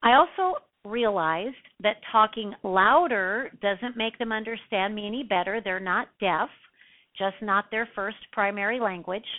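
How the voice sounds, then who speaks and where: A woman teaching real estate sales, a self-described fast talker with a punchy, emphatic delivery. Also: medium pitch. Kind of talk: instructional talk. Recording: tinny phone-like sound.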